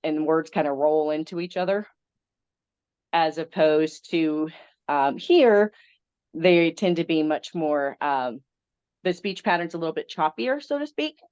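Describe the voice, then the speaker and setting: A woman's voice: sits low, lively intonation, measured pace, a little mellow, clean tone, no echo, dull audio. A woman in her thirties with a Southern American accent, chatting as a veterinarian guest with many ums. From Southern United States. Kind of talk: casual interview.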